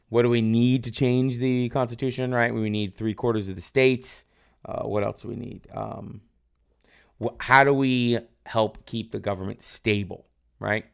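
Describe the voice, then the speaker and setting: A man's voice: fairly low pitch, creaky, clear, resonant tone. A man teaching a live-streamed exam review lesson, loosely quizzing his viewers and praising their answers. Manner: loose, rambling, tag questions like "right?". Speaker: history teacher.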